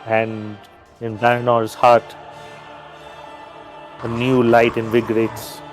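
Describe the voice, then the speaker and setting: A man playing a tabletop game, narrating his character in a halting way. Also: mid-range voice, completely flat delivery, soft background music. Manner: halting, filler-heavy. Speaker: player.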